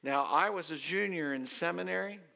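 A pastor in his fifties tells a story from the pulpit in a conversational, self-deprecating manner with dramatic pauses. His voice is gravelly and bright, sitting a little high for a man. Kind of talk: storytelling sermon.

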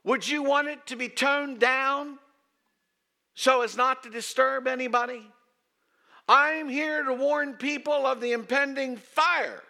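A man voicing a fervent male street preacher who yells warnings of fire and judgment through a bullhorn. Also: a little high, very animated, moderate pace, gravelly, hardly any pauses, full character voice. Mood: fervent yelling.

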